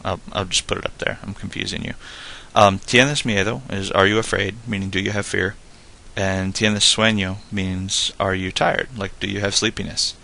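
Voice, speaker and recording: A man with a low, gravelly voice teaches in a loose, conversational way. His tone is bright and forward, and his explanations wander and circle back, padded with casual fillers. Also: normal speed, hardly any pauses. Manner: relaxed, rambling explanations full of "like" and "you know". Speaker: Spanish tutor. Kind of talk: casual spoken lesson.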